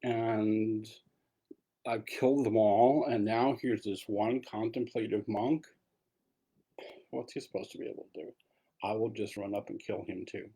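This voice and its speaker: A man voicing a fierce male bandit who later becomes a humble monk, in a boastful, scornful tone, with a husky low voice. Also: fairly even intonation, unhurried, mellow.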